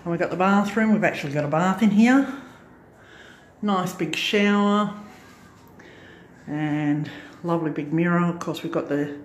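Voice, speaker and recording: Speaking at a fairly low pitch and a little slowly, this craft channel vlogger rambles chattily through a tour of her farm lodge unit. She films on a handheld phone, fixes her own slips along the way, and covers both the inside and the back porch.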